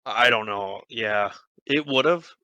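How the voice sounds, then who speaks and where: A man's voice: on the low side, slow, pushed and bright, smooth, dry recording, poor audio. Young man telling a rambling story. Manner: rambling, profane, many restarts. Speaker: podcast host. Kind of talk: casual storytelling.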